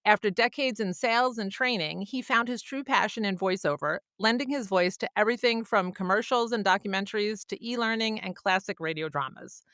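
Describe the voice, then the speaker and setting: A woman's voice: mid-range voice, brisk, few pauses, a bit bright, dry recording, clean studio sound. A woman hosting a podcast interview, bubbly and laughing often. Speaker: podcast host.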